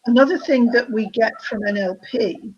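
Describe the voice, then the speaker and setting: A woman therapist on a panel explaining ideas in a careful, measured way. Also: fairly high pitch, husky. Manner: measured, careful, restarts phrases. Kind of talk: thoughtful explanation. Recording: slightly dull lo-fi audio.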